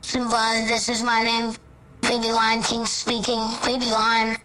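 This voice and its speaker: A woman voicing a baby lion cub who sends a slow, repetitive, earnest message as if over a radio. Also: on the high side, completely flat delivery, pushed and bright, poor audio.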